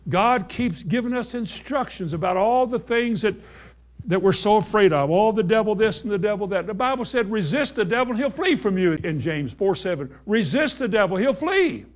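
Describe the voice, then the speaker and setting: A man's voice: high voice, lively intonation, normal speed. A man preaching a sermon, reading scripture aloud and putting emphatic questions to his congregation.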